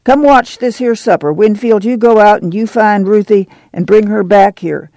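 A man's voice: high-pitched, moderate pace, vocal fry, darkish tone, no echo, pitched above the performer's own voice. A man voicing a weary, firm middle-aged farm mother with a plainspoken rural drawl.

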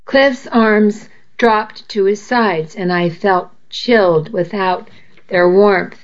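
A woman narrates a first-person story at an unhurried pace, measured and a little halting at times. Her voice sits mid-range, and the recording sounds dull and lo-fi. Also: medium pitch. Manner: measured, with small restarts.

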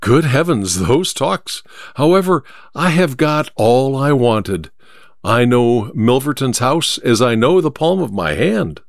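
A man reading an audiobook, voicing a cool, confident male detective who speaks in a crisp, amused, measured way. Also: mid-range voice, big pitch swings, dry recording, clean studio sound, full character voice. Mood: resolute.

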